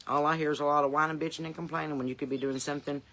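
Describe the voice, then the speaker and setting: A woman's voice: deep voice, fairly even intonation, very fast, fairly bright tone. A woman with a Southern accent, hosting a podcast from her porch in blunt, folksy, profane chat, with chickens clucking nearby. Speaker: podcast host.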